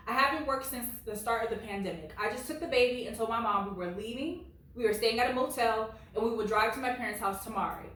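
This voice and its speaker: A woman in her late twenties gives blunt, animated commentary on reddit stories, talking a little high for a woman. She sits well back from the mic in a room that rings with heavy echo. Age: late 20s. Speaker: reddit story reader. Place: at home. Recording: very echoey room, far from mic.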